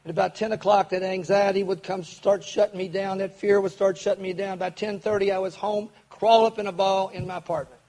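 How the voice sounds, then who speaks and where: A man's voice: high-pitched, level tone, dark tone, poor audio. An older man from Kentucky, telling his recovery story to a meeting audience in an earnest way. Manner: earnest, acts out quoted voices, speeds up and slows down.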